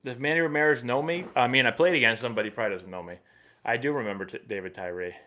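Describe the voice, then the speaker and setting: Easygoing guy in his 30s, chatting through viewer questions on a live stream, mid pitch. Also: fast talker. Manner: relaxed, chatty, reads viewer questions aloud. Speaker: livestream host and former pro baseball player. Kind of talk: casual live Q&A chat.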